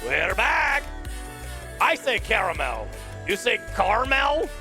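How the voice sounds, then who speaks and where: Man voicing a high-pitched puppet host, bouncy and lively, bright tone, playful, giggly. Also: normal speed, music in the background. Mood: silly. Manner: playful, giggly, wordplay-loving. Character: excitable male puppet morning show host. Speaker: puppet talk show host. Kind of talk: casual live-stream chat.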